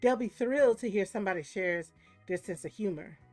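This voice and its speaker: A woman's voice: medium pitch, fairly quick, a little mellow, faint music behind, lightly acted. A woman voicing a feisty older woman, a sly and teasing divorcee who runs a neighborhood club, in a game. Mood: wry.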